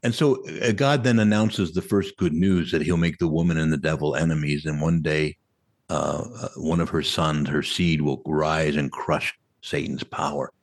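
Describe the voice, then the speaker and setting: A man preaching a sermon as a Catholic priest, animated and conversational, with frequent rhetorical questions to the congregation. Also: very deep voice, normal speed.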